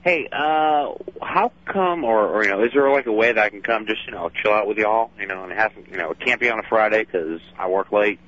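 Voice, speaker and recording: A male caller rambling in easygoing slang. His voice is fairly low and bright-edged. The sound is a muffled, lo-fi radio broadcast. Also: fairly quick, few pauses. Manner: rambling, laid-back slang. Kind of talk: casual chat.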